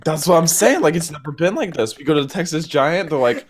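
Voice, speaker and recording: A young man co-hosting a casual podcast, hoarse from screaming, telling a laid-back story full of "like". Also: fairly high pitch, lively intonation, fast, hardly any pauses. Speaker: podcast co-host.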